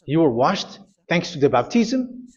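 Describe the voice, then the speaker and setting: A man preaching a sermon, insistent and repetitive, often pausing with hesitations. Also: on the high side, sing-song. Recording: dull lo-fi recording.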